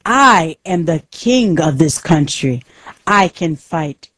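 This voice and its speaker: A woman reading the lines of a brave old king in a storybook, slowly and plainly, close to her own voice. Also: deep voice, lively intonation, fairly bright tone, dry recording, heavily acted. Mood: firm. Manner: slow, careful reading.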